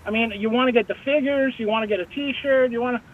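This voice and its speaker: A man's voice: extremely high pitch, fast. A man in a casual chat who rambles along, using lots of fillers and "right?". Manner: rambling, many fillers and tag questions. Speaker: podcast co-host. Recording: phone-like call audio.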